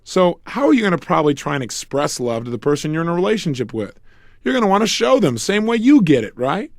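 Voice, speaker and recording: An animated man leads a self-help seminar, his slightly high voice swinging widely up and down as he acts out couples' quarrels. He drops in joking asides, and the sound is close and dry with no room echo. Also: quick pace. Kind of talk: motivational relationship seminar.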